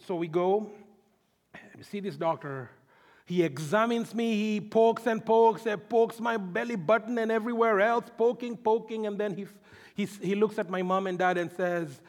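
High-voiced preacher in an echoing hall. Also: male voice, takes it slowly, long pauses. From Africa. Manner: storytelling, swings from loud emphasis to hushed low passages. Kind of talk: sermon. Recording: long hall reverb.

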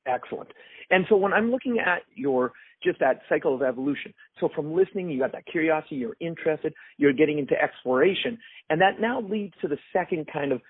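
Lively host on a tinny phone line. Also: male voice, a little high, brisk, slightly rough, dry recording. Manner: enthusiastic, sums up and poses questions. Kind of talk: casual interview talk.

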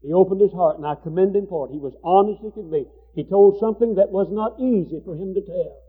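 A man's voice: high-pitched, fast talker, husky, phone-quality sound. A man preaching a sermon with fervor, repeating phrases for emphasis.

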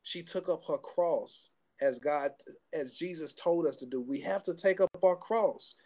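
A man with a fairly high but mellow voice talks earnestly in a casual faith chat. He speaks as if making a case to listeners. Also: unhurried. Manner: earnest, preachy commentary.

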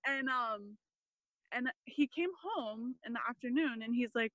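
A woman's voice: a little high, normal speed, no room sound, rough recording. A woman in her thirties, a podcast guest, telling family stories in casual, filler-heavy chat. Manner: chatty, many fillers, animated quoting. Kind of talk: casual interview storytelling.

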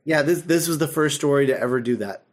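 A man hosting a podcast, retelling an episode in casual chat, animated and full of fillers and laughter. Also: on the high side, fast talker. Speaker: podcast host.

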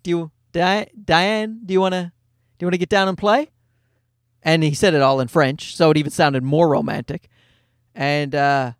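A high-voiced man in his forties meanders through wry comic anecdotes in a casual monologue, dropping in some swear words. It's a dry recording with clean studio sound.

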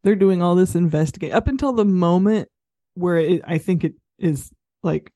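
A woman's voice: fairly low pitch, brisk, warm tone, no room sound, studio quality. A woman co-hosting a podcast, talking about a film in a chatty, easygoing way. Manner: chatty, easygoing, laughs often. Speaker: podcast co-host. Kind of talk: casual film review chat.

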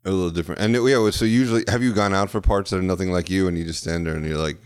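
A man's voice: deep voice, steady tone, very fast, clean tone. A man hosting a casual interview, asking short, easygoing questions. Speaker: interviewer host.

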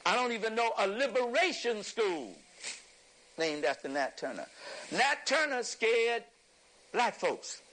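A man giving an impassioned lecture to an audience, preacherly and emphatic, rising at times to a shout and chuckling through his points. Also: high voice, sing-song, measured pace, rough recording.

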